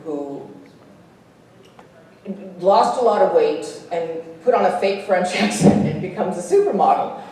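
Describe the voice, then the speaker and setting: Animated woman on a convention panel, pitch jumps all over, laughs a lot, echoey hall, sounds far from the mic. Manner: animated, laughs often, acts out voices. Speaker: guest actress at a convention panel. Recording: echoey hall, distant, faint hiss.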